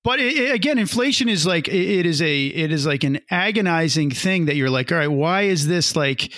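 A man's voice: on the high side, lively intonation, a little fast, fairly bright tone, no room sound, studio quality. A man from the United States co-hosting a casual podcast chat, jokey and fond of putting on mock voices. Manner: jokey, puts on mock accents. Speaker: podcast co-host.

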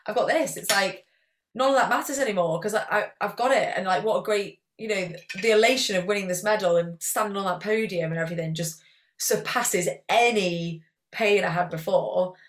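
A woman's voice: mid-range voice, brisk. A young woman, chatting as a guest athlete in a casual interview, rambling and peppering her talk with "like".

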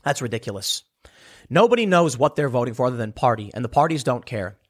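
A man's voice: mid-range voice, expressive, quick pace. A man delivering a sarcastic political commentary monologue, emphatic and mocking his opponents.

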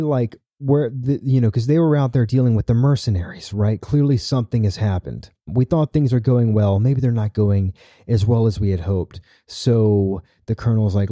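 A man's voice: medium pitch, moderate pace, mellow, no room sound, studio quality. A man hosting a podcast, casually recapping a story and often checking in with "right?". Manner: chatty, tags lines with "right?". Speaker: podcast host.

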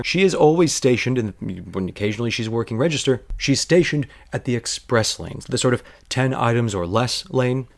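A man hosting a podcast, telling a workplace story in a rambling, digressive way with wry asides. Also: medium pitch. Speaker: podcast host. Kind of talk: storytelling monologue.

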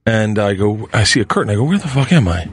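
A man's voice: fairly low pitch, fast, husky. A middle-aged man telling wild stories in casual chat, acting out the voices of the people in them. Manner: animated, acts out voices while telling stories. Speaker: comedian guest.

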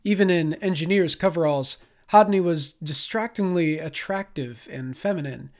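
A man reading a science fiction audiobook as narrator, in a measured, expressive way. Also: a little high. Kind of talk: scripted narration.

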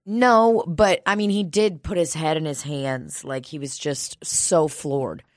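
Low-voiced woman telling stories. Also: steady tone, measured pace, no room sound, studio quality. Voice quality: profane, laughs often. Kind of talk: casual storytelling chat.

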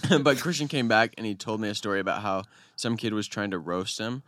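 A man's voice: fairly low pitch, quick pace, fairly bright tone, dry recording, clean studio sound. A man telling a rambling story in a casual podcast chat, trailing off as he goes.

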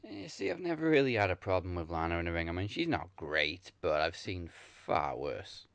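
A man with a very deep, gravelly voice co-hosts a casual wrestling chat. He reasons points out in a relaxed way. The sound is dry and close. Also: normal speed, no echo. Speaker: podcast co-host.

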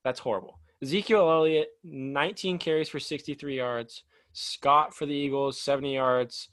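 A young man co-hosting a sports podcast, rambling and animated, with lots of "like". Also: mid-range voice, normal speed, no room sound. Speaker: podcast co-host. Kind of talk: casual sports chat.

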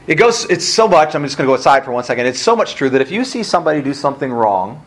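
A man's voice: a little high, big pitch swings, very fast. A male pastor preaching a sermon at a church service, emphatic, with rhetorical questions and casual asides.

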